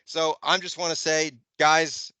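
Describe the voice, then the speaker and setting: A man in his fifties, a podcast co-host, telling an animated story in casual chat and swearing freely. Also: on the high side, measured pace, clean tone, no echo. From Northeastern US. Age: 50s. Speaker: podcast co-host, Jets fan.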